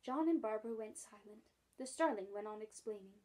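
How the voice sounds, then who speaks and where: A librarian reading a children's book aloud, with expressive, lively storytelling. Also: female voice, medium pitch, a little fast, few pauses.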